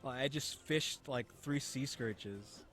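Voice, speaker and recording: A man's voice: medium pitch, takes it slowly, a bit bright. Guy rambling over his gameplay, chatty, kinda meandering, game music faint behind. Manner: rambling and chatty, lots of fillers and restarts. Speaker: gaming YouTuber. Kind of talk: casual gameplay commentary.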